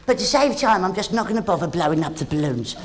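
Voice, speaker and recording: A man in his thirties with a squeaky, high voice, doing cheeky, quick-fire stand-up comedy. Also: big pitch swings, background noise. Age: 30s. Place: theatre stage. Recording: live stage show with crowd and music. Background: audience laughter and music.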